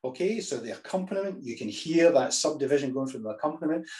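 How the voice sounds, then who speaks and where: A man teaching healthy, lively choral singing, talking through the ideas and breaking into sung examples with frequent restarts. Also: on the high side, fast. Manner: demonstrates phrases by singing, restarts often.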